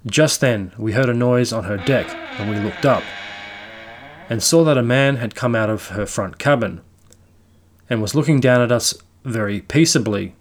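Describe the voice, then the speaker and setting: Male narrator, measured read of a spooky tale. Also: mid-range voice. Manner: measured storytelling. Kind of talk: reading a classic ghost story aloud.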